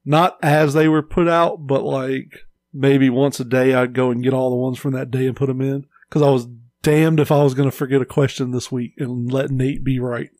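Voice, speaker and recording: A man's voice: medium pitch, little pitch movement, normal speed, darkish tone, dry recording, clean studio sound. A young man co-hosting a podcast, chatting casually in a laid-back, joking way, swearing and laughing often. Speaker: podcast co-host. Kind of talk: casual chat.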